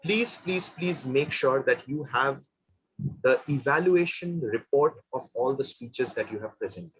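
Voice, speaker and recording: Husky upbeat man hosting a meeting. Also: medium pitch, measured pace, fairly bright tone, low-quality recording. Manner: upbeat and encouraging, playful. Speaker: meeting host. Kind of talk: hosting an online club meeting.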